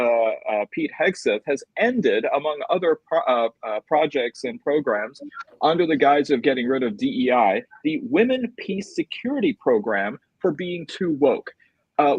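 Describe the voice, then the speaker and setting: A man hosting a casual panel talk show, teasing his guests playfully with many quick restarts. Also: a little high, husky, dry recording, dull audio.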